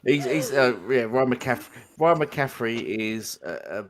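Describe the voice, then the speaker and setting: A man on a casual gaming podcast, chiming in with short remarks and quick laughs. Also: mid-range voice. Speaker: podcast panelist.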